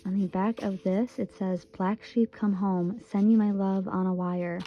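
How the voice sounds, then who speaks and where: This tarot reader is a twenty-something woman from Michigan whose delivery is casual and earnest, with repeated phrases for emphasis. She speaks unhurriedly at a medium pitch with fairly even intonation, captured in lo-fi sound.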